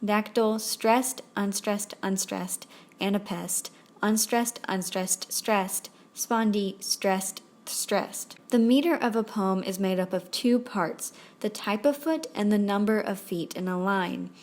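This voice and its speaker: Young woman reading out a poetry how-to, slow and clear, ticks through terms one at a time. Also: mid-range voice, darkish tone. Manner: clear, measured, reads out terms and examples one by one. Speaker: poetry tutorial host. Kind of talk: scripted explainer narration.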